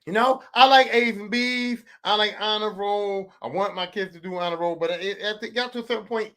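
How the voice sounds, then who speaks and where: A man's voice: high voice, a little fast, hardly any pauses, bright, forceful tone. A man, hosting a podcast with a profane, comedic rant that repeats lines for emphasis. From West Philadelphia. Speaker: podcast host.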